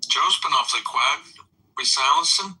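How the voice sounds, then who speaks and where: A man's voice: mid-range voice, lively intonation, moderate pace, bright, forceful tone, husky. A man who is a podcast guest, chiming in with incredulous remarks during casual banter. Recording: distant mic.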